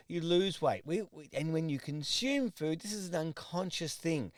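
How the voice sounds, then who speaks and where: A man's voice: on the high side, lively intonation, moderate pace, few pauses, dry recording, clean studio sound. A middle-aged Australian man, a personal trainer, giving an earnest motivational talk to camera, repeating himself and restarting his sentences. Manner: earnest, repetitive, with restarts and acted asides.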